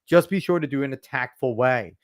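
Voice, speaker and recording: A man's voice: medium pitch, a little fast. A man hosting a podcast, ranting bluntly and with plenty of swearing, lecturing his listeners emphatically in casual commentary. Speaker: podcast host.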